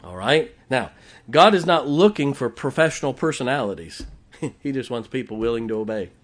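A man's voice: medium pitch, expressive, normal speed. A middle-aged man, preaching a sermon in church in a folksy storytelling manner. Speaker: pastor.

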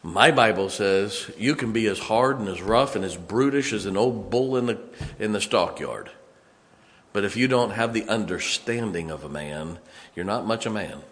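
A man preaching a sermon in a church, emphatic, swinging from loud to hushed. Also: on the low side, animated, moderate pace.

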